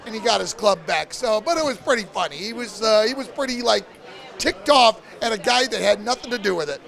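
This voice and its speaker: A man telling a prank story in a lively way and acting out the lines of the people in it. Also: sits high, fast talker, vocal fry, a faint crowd. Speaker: party guest telling a story. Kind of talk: animated storytelling.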